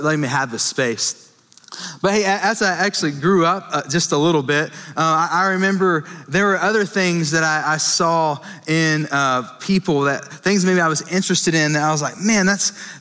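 A man's voice: on the high side, pushed and bright. A man, preaching a casual sermon to a young adult group and joking about himself with the crowd. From Texas. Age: 20s. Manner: joking, self-deprecating, talks to the crowd. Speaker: young adult ministry pastor. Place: church meeting hall. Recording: reverberant hall.

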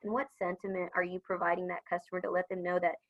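In this business interview, a woman who leads customer service for a supplier chats upbeat about customer service and acts out phone greetings. She speaks fast in a lowish, flat voice, and the audio sounds narrow and tinny.

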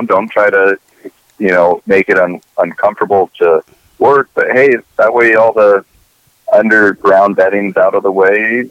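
A man's voice: on the low side, no echo, lo-fi sound. A man co-hosting a casual talk show, rambling and opinionated with lots of profanity. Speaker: podcast co-host. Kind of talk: casual chat.

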